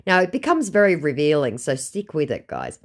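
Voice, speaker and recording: Blunt, sarcastic female storyteller reading texts aloud; animated, slightly low voice. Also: brisk. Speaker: vlogger. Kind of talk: storytelling, reading out text messages.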